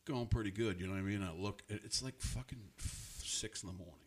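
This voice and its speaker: A podcast co-host tells a profane story in casual chat, acting out his own lines by quoting himself. His voice is on the low side and fast, with slight background noise.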